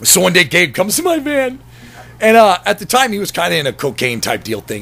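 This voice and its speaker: A man's voice: sits high, sing-song, a little fast, creaky, a bit bright. A man telling a long personal story in a casual, rambling vlog, swearing freely and breaking into laughter as he goes. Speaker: vlogger.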